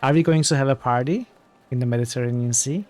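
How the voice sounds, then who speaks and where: A man's voice: medium pitch, fast, a little mellow. A man streaming a role-playing game, casually commenting and reading the game's dialogue aloud with jokey asides.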